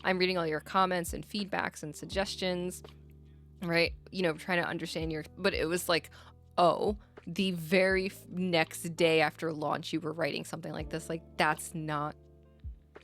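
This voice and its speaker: Animated Puerto Rican woman, swearing freely. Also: lowish voice. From Puerto Rico. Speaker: podcast co-host. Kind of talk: casual chat.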